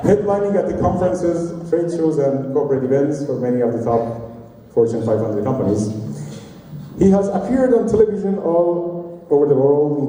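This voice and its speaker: A man's voice: mid-range voice, dark tone, slight background noise. Forties male emcee, stand-up patter, heard far off through a long hall reverb with faint room ambience. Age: 40s. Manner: joking, self-mocking. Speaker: event emcee. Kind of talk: stand-up comedy hosting. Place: large party hall. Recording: distant, roomy hall recording.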